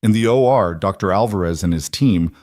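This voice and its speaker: A man narrating a dramatic story in a steady, scripted storytelling manner. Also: low-pitched, brisk, no room sound, clean studio sound.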